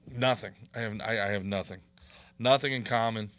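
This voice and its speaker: A man's voice: fairly low pitch, a bit bright, no echo. A man hosting a podcast, delivering a heated, profane comedic rant with mocking impressions. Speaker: podcast host.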